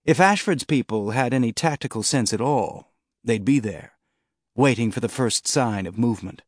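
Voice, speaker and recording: Steady male audiobook narrator, dry studio sound. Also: mid-range voice, dry recording. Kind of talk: scripted narration.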